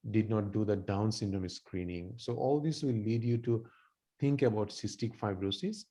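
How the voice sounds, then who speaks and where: Man tutoring doctors, mellow voice. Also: lowish voice, normal speed. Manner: explains with many repeats and restarts. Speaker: medical exam tutor. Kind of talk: online teaching feedback.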